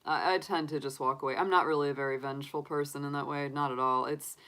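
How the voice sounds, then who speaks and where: Low-voiced chatty woman, laughing often. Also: steady tone, fast, fairly bright tone. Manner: chatty, laughs often, talks through her own reactions. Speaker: tarot reader answering live chat. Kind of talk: casual livestream chat.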